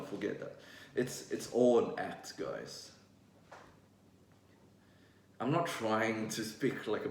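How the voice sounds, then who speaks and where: A man's voice: fairly low pitch, far from the mic, a little hiss or hum. A young man in his twenties from Vietnam, with a mixed Vietnamese-Australian accent, talking bluntly and candidly to camera, swearing freely. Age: 20s. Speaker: vlogger. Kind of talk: casual monologue to camera. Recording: roomy echo, voice away from mic.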